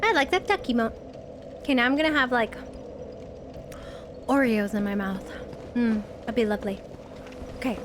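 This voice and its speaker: Woman, game streamer, casual live commentary; high bouncy voice, loud game sound underneath. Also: normal speed, pauses often, background noise. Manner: excitable, yelps and swears at the game, chats to viewers.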